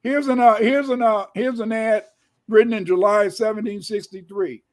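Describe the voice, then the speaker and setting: A man giving an emphatic lecture, reading from old documents, repeating phrases and sometimes shouting. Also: high-pitched, fairly even intonation, normal speed. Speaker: guest lecturer.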